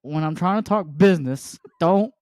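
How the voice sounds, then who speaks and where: Animated, fairly high-voiced male podcast host. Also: moderate pace, dry recording, studio quality. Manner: animated storyteller, exasperated asides. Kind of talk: casual chat.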